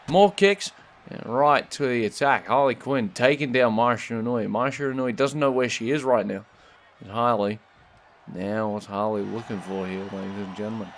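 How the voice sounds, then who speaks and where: A man commentating a wrestling video game match as its host, putting on an American announcer voice and bursting into excited shouting when the action starts. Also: mid-range voice.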